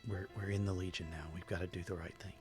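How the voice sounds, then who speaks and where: A man voicing an earnest, worried ghostly uncle who speaks in a hushed, pleading way. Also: sits low, little pitch movement, quick pace, music in the background, close to an everyday voice.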